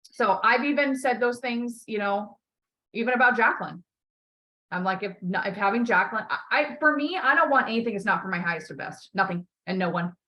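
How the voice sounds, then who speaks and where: Woman coach going hard, lots of swearing, emotional, medium pitch voice. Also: expressive, brisk, pushed and bright, poor audio. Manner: emphatic, swears often, emotional. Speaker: coach and podcast host. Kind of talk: candid coaching conversation.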